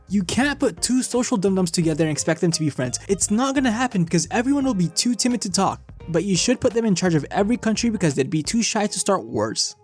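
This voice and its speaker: A young adult man narrating a comedic animated storytime, playful, slangy and self-deprecating. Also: sits high, a little fast, hardly any pauses, soft background music.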